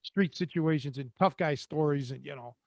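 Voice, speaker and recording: Older man, host. Streetwise storyteller, higher than typical pitch, dry close-mic sound. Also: moderate pace, creaky, a little mellow, no room sound. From Cleveland, Ohio. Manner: rambling, streetwise, quotes others in voices. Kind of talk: casual storytelling.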